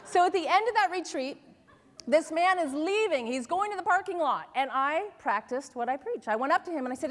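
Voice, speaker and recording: High-voiced woman giving an animated keynote. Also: normal speed, pauses often. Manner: animated storytelling with laughs and audience questions. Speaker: motivational speaker. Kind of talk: keynote speech to a live audience. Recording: large hall with long reverb.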